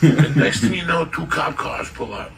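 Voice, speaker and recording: A man telling a loud, profane story, acting out the people in it. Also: on the high side, normal speed, gravelly, recorded from a distance, slight background noise, poor audio. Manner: loud, profane, animated, acts out voices in the tale. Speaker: storyteller guest.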